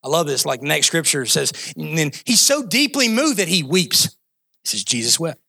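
Pastor guy preaching, bright high voice w some grit, chatty then fired up. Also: very animated, moderate pace, creaky, slightly rough. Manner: impassioned, conversational preaching with rising emphatic peaks and asides. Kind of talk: sermon.

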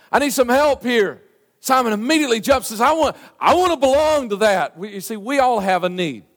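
Pastor, high voice, chatty sermon style, church hall reverb. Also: male voice. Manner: animated, conversational preaching with many restarts and fillers.

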